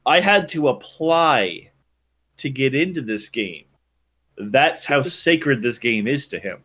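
Chatty man, rambling guest storyteller, average pitch. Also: slow. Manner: animated, rambling storyteller with restarts. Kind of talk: casual chat.

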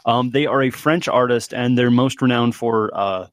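A man with a mid-range voice co-hosts a podcast, chatting casually at a normal speed and rambling with plenty of fillers. The recording is studio quality, with no room sound.

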